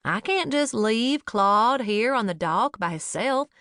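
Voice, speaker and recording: A woman's voice: fairly high pitch, lively intonation, measured pace, a bit bright, no room sound, clean studio sound. A woman voicing an easygoing, cheerfully stubborn older father who loves a prank. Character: jovial older Southern father, playful prankster.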